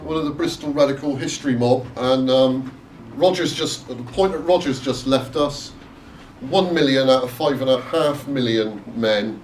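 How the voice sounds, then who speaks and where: A man giving a chatty, loosely structured history talk, with frequent fillers and restarts. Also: mid-range voice. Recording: echoey room, distant mic, faint noise.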